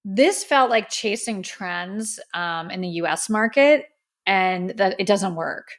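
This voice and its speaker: A woman hosts a podcast and talks through her music review in a relaxed, chatty way. She is frank and opinionated, with a mid-range voice and frequent filler words. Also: mid-range voice, takes it slowly. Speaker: podcast host. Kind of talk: casual music review monologue.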